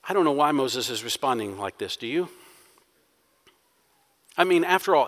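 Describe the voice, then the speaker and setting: A man's voice: medium pitch, animated, moderate pace, pauses often, a bit bright, long reverb tail. A man preaching a sermon, acting out quoted prayers with rising intensity. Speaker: pastor.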